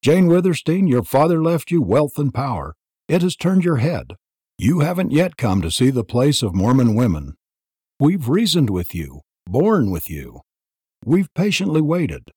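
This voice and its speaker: A man voicing a jealous, stern church elder who speaks harshly and commandingly, with a husky voice. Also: medium pitch, very animated, unhurried, warm tone, no echo, studio quality, pitched above the performer's own voice. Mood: domineering. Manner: harsh, commanding, clipped threats. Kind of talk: audiobook reading.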